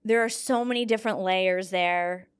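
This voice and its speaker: Speaking at normal speed in a clean, medium-pitched voice, this young woman is a guest discussing grief casually. Her storytelling is earnest and animated, full of feeling and dotted with fillers.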